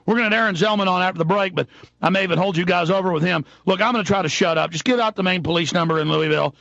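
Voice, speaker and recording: Furious ranting man with a gravelly voice. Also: high-pitched, rapid-fire, no room sound, highs cut off. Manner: ranting, furious, escalating to shouts. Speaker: radio talk show host. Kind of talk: live radio talk.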